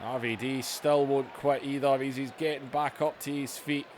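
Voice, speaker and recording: A man giving excitable play-by-play commentary over a video game, going from low chatter to yelling. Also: moderate pace, noisy background. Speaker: gaming channel host.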